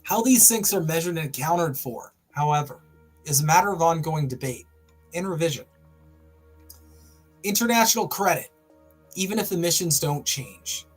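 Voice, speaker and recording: A man's voice: on the high side, animated, moderate pace, pauses often, slightly rough, soft background music. A man hosting a livestream, reading an article aloud and breaking off into wry, sarcastic asides. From Canada. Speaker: host.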